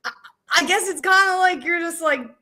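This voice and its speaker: A woman from South Philadelphia with a South Philly accent, a podcast guest chatting casually and telling animated stories with frequent laughter. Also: very high-pitched, normal speed. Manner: laughs often, animated storytelling. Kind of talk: casual chat.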